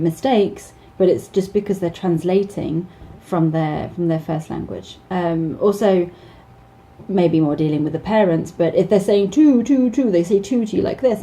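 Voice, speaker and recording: A woman's voice: on the low side, vocal fry, dark tone, rough recording. A woman in her thirties, an English teacher, gives casual advice with many ums, restarts and small laughs.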